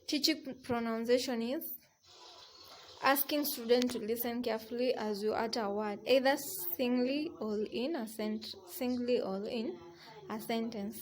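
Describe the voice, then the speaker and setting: A woman lecturer reading a recorded lesson in a measured way, listing examples one by one with small restarts. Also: a little high, rough recording.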